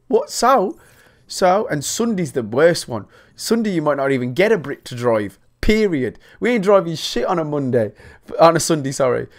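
A man's voice: fairly high pitch, lively intonation, a little fast. A man, chatting casually and swearing freely while commentating his own game playthrough. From England. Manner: sweary, chatty, jokey rants to viewers. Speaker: gaming YouTuber. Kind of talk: casual let's-play commentary.

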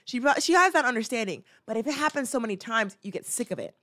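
Talking fast with hardly any pauses, this host has a slightly high, animated voice and a fairly bright tone. Reacting casually to a clip, she rambles chattily, restarts sentences, uses many fillers, and plays out little scenes.

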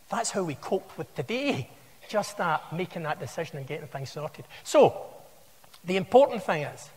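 A Scottish man in his sixties gives a keynote to a large hall, full of wry asides and stories. His voice sits high for a man and swings widely in pitch. A long reverb trails his words. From Scotland. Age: 60s. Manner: wry, anecdotal, conversational storytelling. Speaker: conference speaker. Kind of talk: conference keynote talk.

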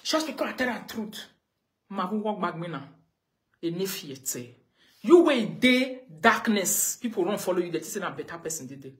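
In a low-leaning, brisk voice, a woman with a Nigerian accent goes on a confrontational live-video rant. She keeps scolding someone with identical pointed questions.

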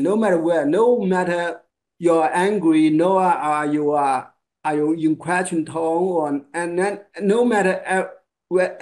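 In a one-on-one lesson, a male Chinese pronunciation teacher, a native Chinese speaker, speaks English in short, broken phrases and models sounds slowly. His voice sits high with a somewhat dark tone.

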